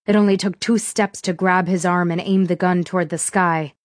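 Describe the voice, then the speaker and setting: A woman reading a first-person thriller audiobook in a steady, measured way. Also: fairly low pitch, dry recording, studio quality. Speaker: audiobook narrator.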